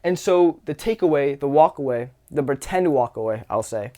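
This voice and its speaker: A man's voice: medium pitch, animated, normal speed, dark tone. A young man giving casual social advice, loose and profane, acting out little anecdotes with quoted voices. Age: young adult. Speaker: social skills coach.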